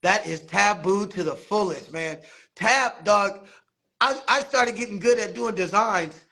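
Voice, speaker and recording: A man, a barber and basketball coach, telling animated stories in a casual interview, acting out quotes. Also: high-pitched, unhurried, vocal fry. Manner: animated storytelling, laughs often, acts out quotes.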